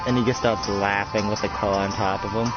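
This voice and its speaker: A man narrating an improvised roleplay in a rambling way, full of fillers. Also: lowish voice. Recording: dull lo-fi recording with music.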